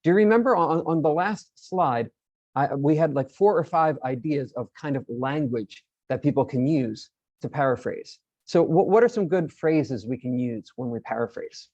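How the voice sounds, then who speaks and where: A man's voice: on the high side, expressive, moderate pace, a little mellow, no echo, highs cut off. A man presenting an online teacher-training session, explaining in a friendly way and often repeating his words.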